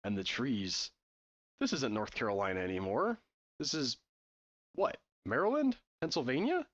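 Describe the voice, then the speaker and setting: A man's voice: sits high, a bit bright, muffled recording. A man playing a text adventure, reading the game's text aloud and breaking off for sarcastic, puzzled asides. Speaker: let's-play gamer.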